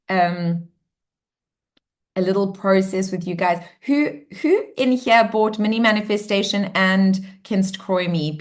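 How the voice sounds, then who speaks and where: A woman hosting a live online coaching session in an upbeat, bubbly way, acting out cheerful affirmations as she talks. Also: mid-range voice. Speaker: workshop host.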